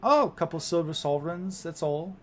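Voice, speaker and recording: A man's voice: fairly high pitch, lively intonation, brisk, a little hiss or hum, voice pushed up, close to an everyday voice. A man voicing a cheerful young woman who drives a flying coach, eager and helpful.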